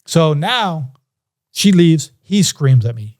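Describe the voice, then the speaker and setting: Male podcast guest, warm and relaxed tone, slightly high pitch, animated storyteller. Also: takes it slowly. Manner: animated, acts out quoted voices. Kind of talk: casual storytelling.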